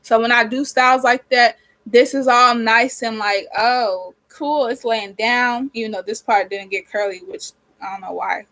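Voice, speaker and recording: Young woman, 19, slightly high voice, blunt and sweary, rambling vlog chat with a sniffly nose. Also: flat delivery, moderate pace, a bit bright, rough recording. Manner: frank and rambling, heavy swearing, venting. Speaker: vlogger. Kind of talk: casual chat while doing her hair. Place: small cold bedroom with a space heater running.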